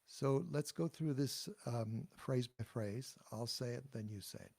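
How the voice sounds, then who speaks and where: Man, teacher, slow call-and-response pronunciation lesson, gravelly, mellow tone. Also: mid-range voice. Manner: slow, patient and explanatory, demonstrating words then pausing for repetition.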